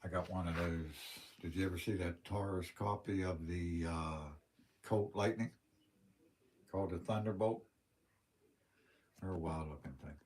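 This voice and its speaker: Folksy Western Pennsylvania man, lowish voice. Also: fairly even intonation, normal speed, a little mellow, a little hiss or hum. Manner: folksy, plain-spoken storyteller. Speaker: livestream host. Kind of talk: casual rambling livestream chat.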